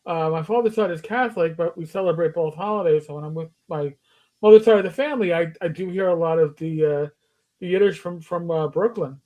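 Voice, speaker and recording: A man's voice: on the high side, fairly quick, darkish tone, rough recording. A man co-hosting a casual chat show, telling a rambling anecdote and acting out the voices of the people in it. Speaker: podcast co-host. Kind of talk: casual storytelling.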